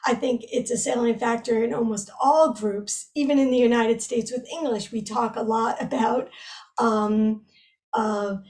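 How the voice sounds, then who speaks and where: A woman being interviewed as a researcher, explaining her work in a measured way with frequent fillers. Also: on the high side, steady tone, a little mellow, recorded from a distance. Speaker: guest researcher. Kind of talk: academic interview.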